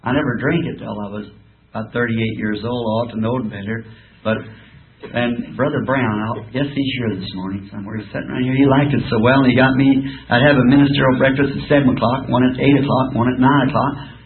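A man preaching in a school auditorium, telling folksy stories and chuckling through his rambling asides. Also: medium pitch. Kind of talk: folksy sermon with jokes. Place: school auditorium, live audience. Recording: tinny lo-fi old tape with hiss.

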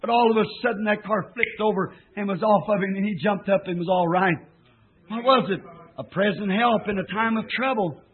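A man preaching a fervent revival sermon that rises to shouts. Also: sits high, a little fast, slight background noise. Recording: tinny lo-fi old tape recording.

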